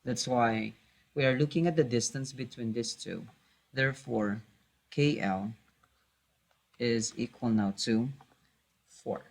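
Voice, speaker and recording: Man, math teacher, recorded lesson, slow, hesitant, repeats himself. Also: mid-range voice, vocal fry. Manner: hesitant, many fillers and self-corrections; patient, repeats key points.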